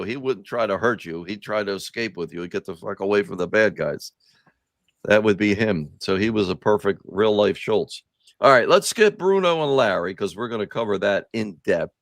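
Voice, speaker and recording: Male podcast host, low and animated, dry close sound, profane nostalgic rambler. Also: dry recording. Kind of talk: casual chat.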